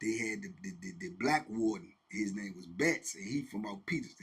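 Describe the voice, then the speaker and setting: A man hosting and telling a story in a casual, animated, slang-heavy way, repeating phrases for effect. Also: on the low side, moderate pace, hardly any pauses, slight background noise. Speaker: host and storyteller.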